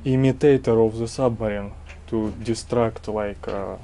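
A man's voice: fairly low pitch, fairly even intonation, a little slow, dark tone. A man with a Russian accent, a native Russian speaker, giving a casual tour vlog in broken, chatty English with many fillers. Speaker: vlog host. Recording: noisy background.

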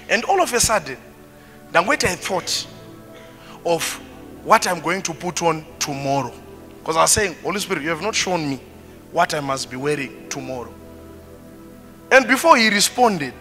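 A man preaching a sermon as pastor, switching between languages and moving between animated and quiet passages. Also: a little high, in a large hall.

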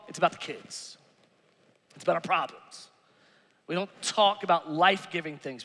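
A pastor preaching an animated, conversational sermon with playful asides. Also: male voice, high-pitched, long reverb tail. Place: church sanctuary.

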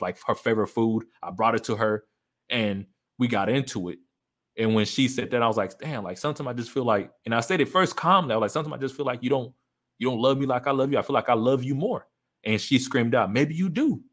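A man's voice: lowish voice, fairly bright tone. A man speaking candidly to his listeners about a painful breakup, emphatic and repeating his key points. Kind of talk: personal storytelling to an audience.

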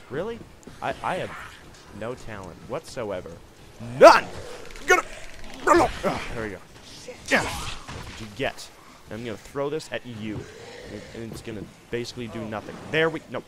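Through a gaming headset, a young adult host rambles goofily over his let's play, throwing in yelps and silly voices. He talks at a normal speed in a medium, sing-song voice, pausing often. Background noise is audible.

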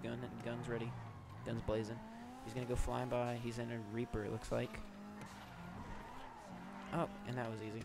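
A man giving excitable live gameplay commentary as a gaming YouTuber, swinging between loud shouts and low mutters. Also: moderate pace, gravelly, long pauses. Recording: noisy, with loud game car sounds behind.

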